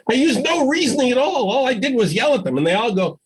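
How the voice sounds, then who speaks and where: Heard over poor audio, an older man gives a conference keynote in a very high, slightly rough voice and a brisk pace. He brings his stories to life by acting out the voices of the people he describes.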